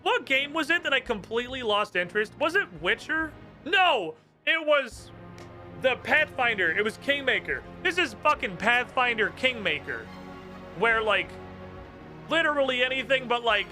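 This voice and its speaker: High, bright-voiced man ranting while gaming. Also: very animated, moderate pace, soft background music. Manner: heated, swearing rants. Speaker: game streamer. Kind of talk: casual live-stream commentary.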